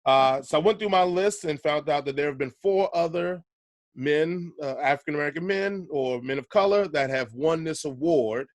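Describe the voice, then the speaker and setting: A man's voice: on the high side, moderate pace, no echo. A man hosting a casual podcast, chatty and laid-back, laughing easily between points. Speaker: podcast host.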